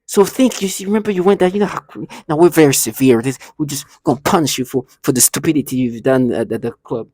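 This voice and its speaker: A man talking to camera in a rambling, halting monologue, restarting and repeating himself often. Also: medium pitch, dark tone, no echo, clean studio sound. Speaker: vlogger.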